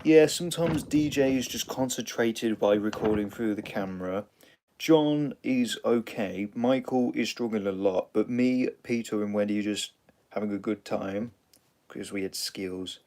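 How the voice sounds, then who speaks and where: A man's voice: fairly low pitch, measured pace, a little mellow. A man with an English accent casually retelling a story in a loose, rambling way, full of fillers and restarts.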